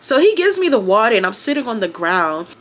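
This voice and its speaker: Fast-talking young New woman. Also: a little high, very animated. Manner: rapid, profane, filler-heavy storytelling with acted quotes. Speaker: vlogger. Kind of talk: casual storytime.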